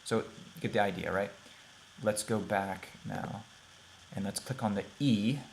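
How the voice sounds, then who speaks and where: A man teaching a beginners' Hebrew lesson over a shared screen, talking plainly and repeating words slowly for pronunciation. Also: fairly low pitch, gravelly, slight background noise. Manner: plain, conversational, thinks aloud with fillers.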